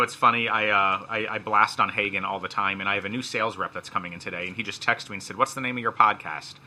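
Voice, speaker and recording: A man's voice: fairly low pitch, bright, forceful tone, a little hiss or hum. A middle-aged man, hosting a casual podcast, joking and rambling. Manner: joking, rambling, laughs at own jokes. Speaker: podcast host. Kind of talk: casual chat.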